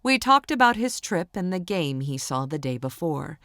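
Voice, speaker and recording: A woman reads a first-person romance audiobook in a low voice with a touch of vocal fry. Her delivery is steady and intimate. The recording is close and dry, made in a studio booth. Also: moderate pace, dry recording. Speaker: audiobook narrator.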